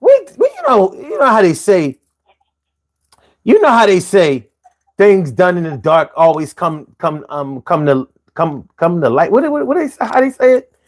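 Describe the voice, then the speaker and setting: A man's voice: sits high, wildly swooping pitch, moderate pace. Guy in his 40s ranting on a stream, swears a lot, keeps restarting, voice jumps all over the place. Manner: emphatic, profane, many restarts. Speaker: live stream host. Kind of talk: casual chat.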